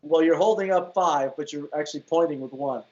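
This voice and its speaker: A man hosting a comedy talk show, playful and quick to laugh, often restarting his sentences. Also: on the high side, a little mellow, highs cut off. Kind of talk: casual comedic chat.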